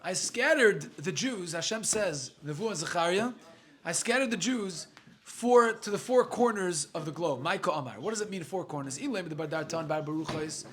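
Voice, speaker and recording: A man's voice: high-pitched, animated, normal speed, fairly bright tone. A man, a rabbi, teaching a casual Talmud class to a live group. He reads short Aramaic phrases, then explains them in chatty English, thinks aloud and jokes with his students.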